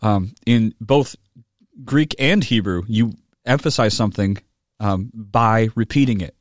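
A man preaches a Bible study in a low, grounded voice, talking to his congregation in a loose conversational way. The sound is dry and close with no room echo. When he reads aloud, he lifts his voice for emphasis. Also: unhurried. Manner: conversational, with tag questions and gentle humor; rises in pitch and volume when reading a quoted book aloud. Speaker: pastor teaching a Bible study. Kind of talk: sermon.

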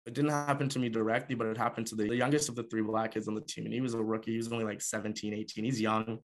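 Racing through his words in a fairly low, flat voice with little pitch movement, a young former hockey player from Canada shares a personal story in a relaxed, chatty way, full of fillers.

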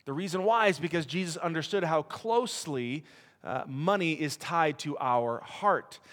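A man's voice: on the high side, moderate pace, a bit bright. A middle-aged man preaching a sermon as a missionary, conversational and self-deprecating as he tells stories. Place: church hall. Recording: long reverb of a church hall.

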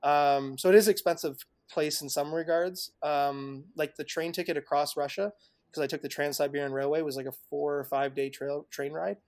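A man's voice: on the high side, steady tone, moderate pace, darkish tone, dry recording, clean studio sound. A man telling travel stories as a guest on a podcast, chatty and loose, laughing often, with lots of fillers and restarts. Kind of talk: casual interview chat.

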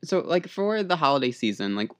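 A man's voice: on the high side, very animated, a little fast, fairly bright tone. A young man co-hosting a podcast, chatting casually with a teasing, opinionated edge. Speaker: podcast co-host. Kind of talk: casual chat.

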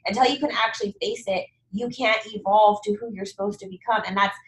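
A woman hosting a casual conversation, animated and encouraging, often acting out inner voices. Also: mid-range voice, brisk, slight background noise. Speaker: podcast host. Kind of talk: casual chat. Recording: echoey room.

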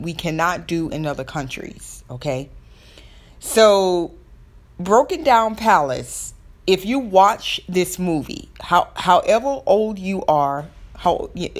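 A young woman with a Southern American accent hosts her own podcast in a relaxed, chatty way. Her voice sits a little low for a woman. She rambles, doubles back and fills the pauses with "um" and "like.". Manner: chatty, rambling, frequent fillers and restarts. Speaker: podcast host. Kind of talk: casual solo podcast talk.

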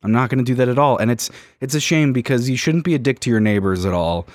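A man's voice: mid-range voice, fast talker, no room sound, clean studio sound. A man in his twenties from Miami, co-hosting a podcast and telling a rambling, self-mocking story in casual chat. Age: 20s. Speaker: podcast co-host.

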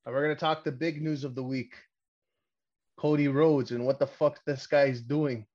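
Profane, excitable podcast host, lo-fi. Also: male voice, mid-range voice, normal speed. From Canada. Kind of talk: casual wrestling podcast chat.

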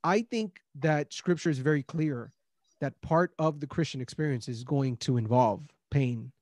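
A man's voice: mid-range voice, normal speed, darkish tone, dry recording. A man hosting a Christian discussion, speaking earnestly with many restarts and rising emphasis on key points. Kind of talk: casual faith discussion.

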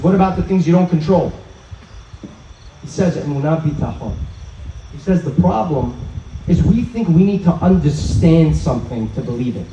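A man giving an inspirational talk at an outdoor evening gathering, telling stories in an animated way and acting out the dialogue. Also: a little high, normal speed, background noise. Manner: animated storyteller who acts out quoted dialogue. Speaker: speaker at a religious event. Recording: roomy, dull sound from a distance.

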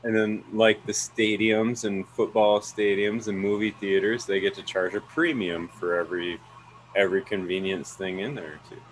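Low-voiced man with dry remarks. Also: level tone, moderate pace, a little hiss or hum, low-quality recording. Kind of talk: casual chat.

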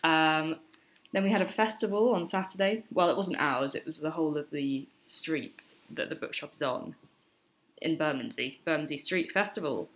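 A woman's voice: sits low, moderate pace. A woman co-hosting a casual chat show, teasing her co-host and laughing easily. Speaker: co-host, bookshop worker.

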